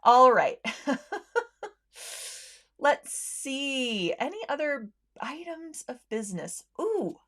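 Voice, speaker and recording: A woman's voice: high voice, big pitch swings, slow, long pauses, fairly bright tone. A woman hosting a sewing livestream, chatting casually with viewers, friendly, with lots of ums and easy laughs.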